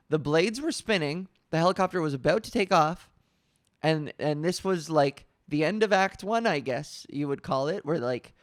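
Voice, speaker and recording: A young woman hosting a podcast, telling stories in a casual, animated way with lots of fillers. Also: fairly low pitch, no echo, clean studio sound. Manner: animated storytelling with frequent laughs and fillers. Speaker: podcast host. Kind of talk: casual chat.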